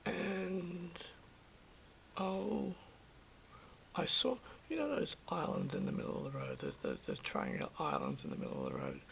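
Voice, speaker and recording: Brief: middle-aged man, very gravelly voice, rambling storyteller, dull lo-fi recording. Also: high voice, big pitch swings, moderate pace, a little hiss or hum. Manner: hesitant, self-correcting, drifts into whispers. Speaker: vlogger. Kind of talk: rambling personal anecdote.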